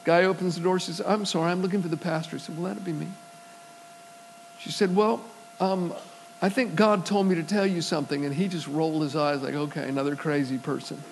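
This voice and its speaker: High-voiced man preaching a story sermon. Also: steady tone, brisk, gravelly, slight background noise, low-quality recording. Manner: storytelling, acts out quoted voices, swells to emphatic preaching. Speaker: pastor.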